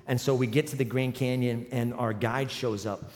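A man in his forties preaching a sermon, telling a humorous personal story and building to loud, emphatic runs. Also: medium pitch, steady tone, moderate pace. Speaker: pastor. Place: large church hall with live audience. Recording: long hall reverb.

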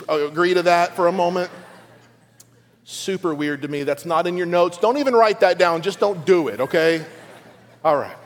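A middle-aged man preaching a conversational sermon to his church, with playful asides to the congregation. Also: high voice. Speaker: pastor. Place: large church auditorium. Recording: long church hall reverb.

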